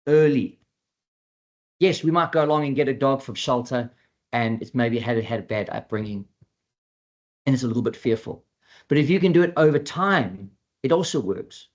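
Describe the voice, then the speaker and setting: A man speaking as a dog trainer in a webinar presentation, talking in a chatty, animated way and acting out what clients and dogs might say. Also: mid-range voice, moderate pace, dull audio.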